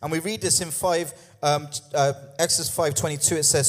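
A man's voice: a little high, fairly even intonation, brisk, hardly any pauses. Conversational male preacher in a reverberant hall. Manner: conversational, humorous asides, frequent "yeah?" and "okay?" check-ins. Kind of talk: sermon.

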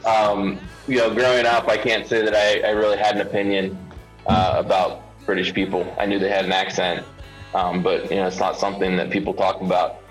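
An American man chatting casually, thinking aloud with many pauses and fillers. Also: low-pitched, flat delivery, faint music behind, low-quality recording. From United States. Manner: thoughtful, hesitant with many fillers. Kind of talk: casual conversation.

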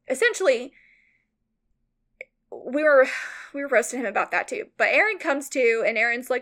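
A woman co-hosting a podcast, casually retelling a story with lots of "like" fillers, rambling and animated. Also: high voice, a little fast. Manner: animated, mock-outraged retelling. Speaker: podcast co-host.

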